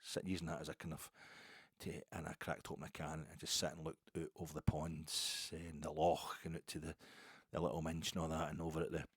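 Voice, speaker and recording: A man's voice: a bass voice, completely flat delivery, fairly quick, slightly rough, dry recording, studio quality. A Scottish man hosting a podcast, telling a long story in a rambling, chatty monologue. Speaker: podcast host.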